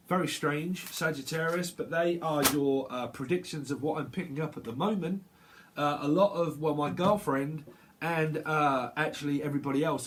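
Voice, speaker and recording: Rambling, chatty tarot reader. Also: male voice, on the high side, a little hiss or hum. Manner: rambling, chatty, many fillers and restarts; acts out little quoted voices, bursts of laughter. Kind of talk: casual livestream tarot reading.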